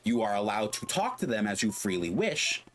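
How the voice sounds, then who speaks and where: A man's voice: on the low side, very animated, normal speed, a little hiss or hum. A man streaming a game, casually telling a long story with lots of "like" and acting out the characters' voices. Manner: rambling, full of fillers, acts out quoted voices. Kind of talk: casual storytelling while gaming.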